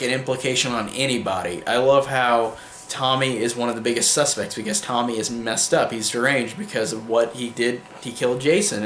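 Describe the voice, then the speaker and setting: A man's voice: mid-range voice, fairly bright tone, a little hiss or hum. Enthusiastic rambling young man, echoey room. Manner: enthusiastic, rambling, lots of fillers and repeated likes. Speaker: film reviewer. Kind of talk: casual film review monologue.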